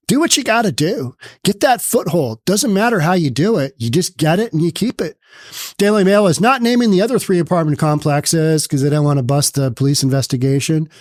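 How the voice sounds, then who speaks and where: A man's voice: fairly high pitch, a little mellow, no room sound, clean studio sound. A man hosting an opinionated news commentary show, reading news aloud and riffing on it with sarcasm. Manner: sarcastic, mocks with put-on quoted voices; reads news text aloud, then riffs on it.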